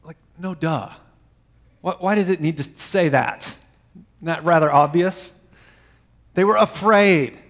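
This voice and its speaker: Man, pastor, sermon, fairly high voice, emphatic then hushed. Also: measured pace, pauses often. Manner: dynamic preaching, dropping to soft quiet phrases.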